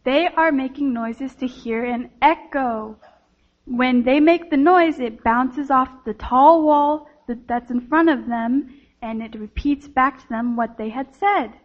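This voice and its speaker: A woman voicing a patient, knowing mother in a children's sermon story, speaking in a calm, reassuring way. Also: high voice, unhurried, muffled recording.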